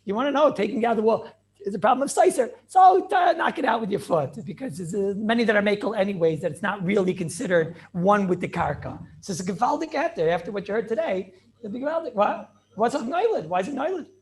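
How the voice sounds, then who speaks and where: Rabbi teaching over a video call, high voice that jumps all over, keeps asking "what?". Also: male voice, fast talker. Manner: animated, questioning, Yiddish and Hebrew terms in English. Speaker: rabbi teaching a Torah class. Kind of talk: lively online Torah class.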